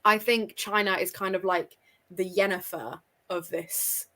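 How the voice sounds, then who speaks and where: A woman's voice: medium pitch, fairly even intonation, measured pace, sharp tone. Chatty woman hosting a live book chat. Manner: chatty, explains at length with many fillers. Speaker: host. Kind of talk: casual live book discussion.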